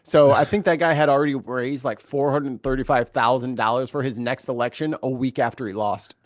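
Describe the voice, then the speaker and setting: A man's voice: medium pitch, steady tone, no echo, clean studio sound. A man from the United States on a casual panel chat, opinionated and jokey. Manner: opinionated, jokey, quick to tease. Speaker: panel guest.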